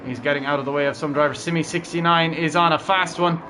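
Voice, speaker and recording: A man's voice: a little high, fairly even intonation, fast talker, background noise. Upbeat man calling a race. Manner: upbeat, chatty, talks to chat. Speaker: streamer and race commentator. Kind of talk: live race commentary.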